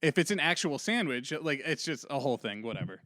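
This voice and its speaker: A laid-back man hosts a casual podcast chat and laughs easily. His voice sits at a middle pitch and sounds dry and close, with no room echo. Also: big pitch swings, fast, a bit bright. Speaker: podcast host.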